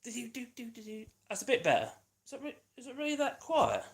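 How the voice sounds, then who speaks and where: A man's voice: very high voice, wildly swooping pitch, fast, vocal fry, reverberant, recorded from a distance. A man chatting casually on a radio mic while he builds something, rambling and cracking jokes. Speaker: vlogger. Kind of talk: casual chat while woodworking.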